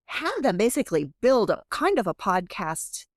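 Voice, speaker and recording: A middle-aged woman professor, chatty and animated, often interrupting herself as she talks in a podcast interview. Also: mid-range voice, normal speed, no echo, clean studio sound. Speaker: guest professor.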